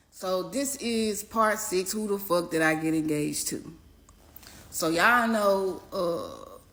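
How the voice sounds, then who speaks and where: A young adult woman tells a personal story in a casual storytime video, animated and profane, swinging between loud outbursts and low mutters.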